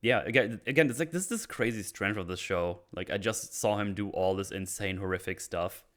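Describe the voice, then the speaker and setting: A man with a low-pitched voice talks through a TV episode in relaxed podcast chat. He swears freely and gets excited. He drops into quick impressions of the characters as he retells the scenes. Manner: profane, excitable, acts out characters' lines. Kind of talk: casual chat recapping a TV episode.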